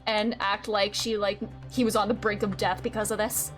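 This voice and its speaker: A woman's voice: mid-range voice, little pitch movement, normal speed. A woman streaming a video game, chatting casually, laughing often and swearing freely. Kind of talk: casual gameplay commentary. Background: faint game music.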